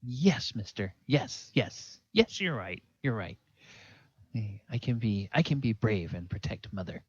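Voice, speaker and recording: A man voicing an excitable young village boy in a tabletop game, talking quickly and pleadingly. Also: mid-range voice, breathy edge, no room sound, highs cut off, pitched above the performer's own voice. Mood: earnest.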